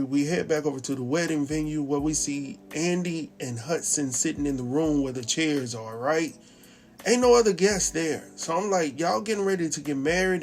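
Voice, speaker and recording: A man's voice: fairly high pitch, a little mellow. A man giving a casual episode recap, retelling scenes in a chatty way with quoted dialogue and his own asides. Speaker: TV recap host.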